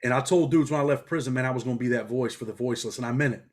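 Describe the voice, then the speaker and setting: A middle-aged New Yorker who was in prison gives a casual interview in a rapid-fire, mid-range voice. He's blunt, talks like the street, and tells stories with animation.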